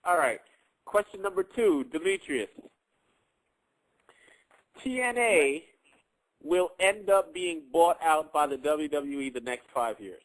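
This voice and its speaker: A man's voice: a little high, animated, slow pace, pauses often, a bit bright, rough recording. A man hosting a radio quiz, hesitant and self-amused as he reads out questions and gives points. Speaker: quiz moderator and host. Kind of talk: casual radio chat.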